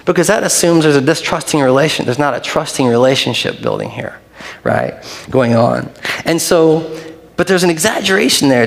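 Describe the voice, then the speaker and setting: Male pastor, slightly high voice, chatty sermon delivery, echoing hall. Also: lively intonation, normal speed, creaky. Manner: conversational, with short repeated phrases. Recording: long hall reverb.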